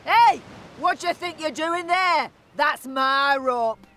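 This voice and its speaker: An actress playing a gruff female orc bounty hunter in a video game, curt and threatening. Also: sits high, slow pace, pushed and bright, slight background noise, heavily acted.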